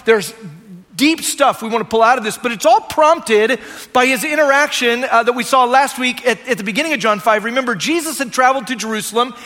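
Bright high-voiced male pastor preaching. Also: fairly quick, big-room sound. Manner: conversational, acts out quotes, frequent "right?". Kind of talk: sermon.

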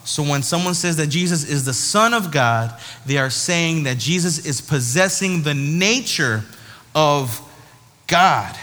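A man giving a sermon in a lively, conversational way, often tossing in "right?" to his listeners. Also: a little high, unhurried. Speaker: preacher. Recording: long hall reverb.

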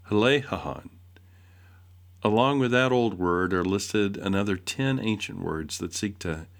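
A man reading a devotional essay aloud in a measured way, posing rhetorical questions. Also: low-pitched. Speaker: essay reader.

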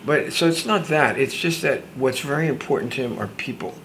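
A man's voice: medium pitch, brisk, a bit bright, a little hiss or hum, rough recording. A man hosting a podcast, chatting casually in a rambling way with many restarts, retelling encounters with strangers. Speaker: podcast host. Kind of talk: casual chat.

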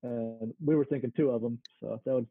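A man's voice: medium pitch, fairly even intonation, brisk, breathy edge. Man from Mississippi on a tinny line. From Mississippi, United States. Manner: easygoing, searching for words as he goes. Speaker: interview guest, small farm owner. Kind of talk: casual conversation. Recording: narrow phone-like sound.

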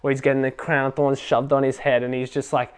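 A young man telling a faith testimony at a casual youth gathering, excitable and full of fillers. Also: medium pitch, quick pace, clear, resonant tone. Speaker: youth group speaker.

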